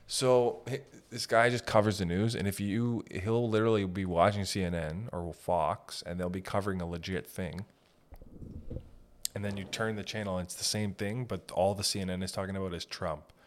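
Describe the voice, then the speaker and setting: A man hosting a casual comedy podcast, ranting in a profane, rambling way and laughing often. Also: lowish voice. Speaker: podcast host.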